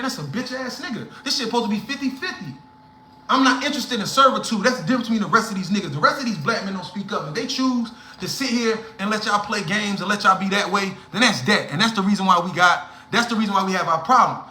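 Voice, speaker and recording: A man's voice: sits high, bright, forceful tone, reverberant. A young man hosting a livestream, lecturing his viewers in a blunt, profane, heated rant. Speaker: livestream host.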